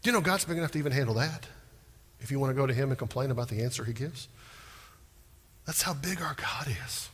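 A pastor preaching a sermon with animated delivery, acting out prayers in a rising voice. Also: male voice, medium pitch, rapid-fire, breathy edge, long reverb tail.

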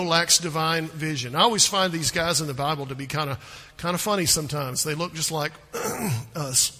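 A man's voice: a little high, sharp tone, slightly rough. A man preaching a sermon in a church, folksy and conversational, full of rhetorical questions to the congregation. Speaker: pastor. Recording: hall reverb.

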